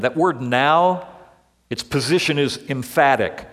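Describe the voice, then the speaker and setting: A male pastor preaching a sermon in an earnest, deliberate way, leaning on repeated words, in a church sanctuary. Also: mid-range voice, expressive. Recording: long reverb of a large hall.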